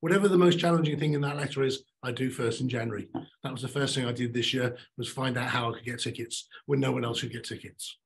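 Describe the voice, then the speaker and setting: A middle-aged man giving a motivational talk on stage, emphatic and animated, repeating his key lines. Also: medium pitch, fast talker, creaky, a little hiss or hum, poor audio. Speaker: keynote speaker.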